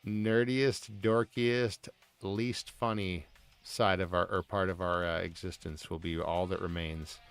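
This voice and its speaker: A man's voice: low voice, steady tone, measured pace, smooth. A man streaming live, chatting casually in a rambling, profane, joking way over faint music.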